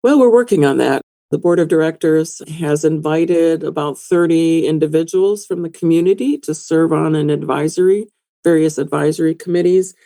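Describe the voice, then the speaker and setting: Middle-aged woman, museum director, podcast guest; low pitch, conversational, tells stories. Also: normal speed, warm tone. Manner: conversational, explains at length with anecdotes. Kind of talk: podcast interview.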